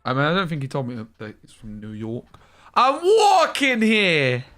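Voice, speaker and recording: This young streamer talks fast as he plays, chatting loosely and telling meandering stories peppered with slang and the occasional swear. His voice sits at a medium pitch with a slightly bright quality.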